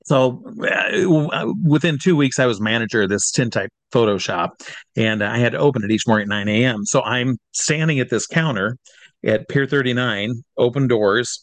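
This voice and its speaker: Middle-aged man, from Iowa, animated anecdote, acts out voices, average pitch. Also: no room sound. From Iowa, USA. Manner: lively storyteller who acts out the people he quotes. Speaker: entertainer guest.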